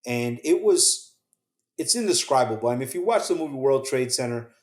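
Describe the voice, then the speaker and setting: A man, a guest on a show, talks through his own story in a mid-pitched voice. He is earnest and acts out what others said, then drops very soft at the hardest moments. The room around him is roomy and echoey. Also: expressive, fairly quick. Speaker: podcast guest, survivor telling his story. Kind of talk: emotional first-person storytelling.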